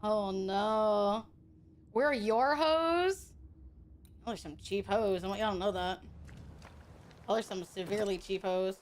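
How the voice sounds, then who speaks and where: A woman's voice: medium pitch, flat delivery, moderate pace, a little mellow, a little hiss or hum. A woman streaming a game, chatting casually with her viewers in crude, teasing banter and laughing often. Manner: frequent laughter.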